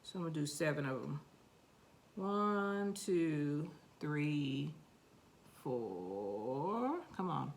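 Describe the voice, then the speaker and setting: A woman with a New York accent talks her way through planting seeds in a casual, playful gardening vlog, chatting to herself and even to the seeds. Her voice sits on the low side. A faint background noise runs under the recording. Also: drawn-out words, creaky, pauses often. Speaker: gardening vlogger. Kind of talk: casual gardening vlog, talking while working.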